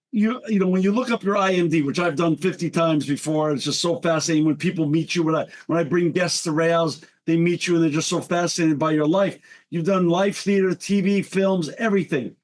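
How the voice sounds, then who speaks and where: Brief: male host, eager questioner, fairly high voice. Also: moderate pace. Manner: short affirming interjections and enthusiastic questions. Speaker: podcast host. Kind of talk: interview.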